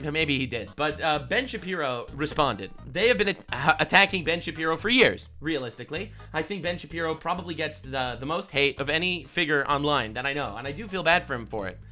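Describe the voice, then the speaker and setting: A young man streaming reaction commentary on clips, excitable and incredulous, jumping between loud outbursts and quick muttered asides. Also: fairly high pitch, soft background music.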